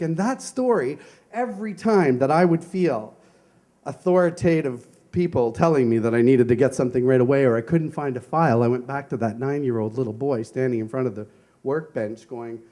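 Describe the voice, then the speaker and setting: Here a minister gives his Sunday sermon in a conversational way, weaving in stories from his own life and rhetorical questions. His voice is mid-range and warm.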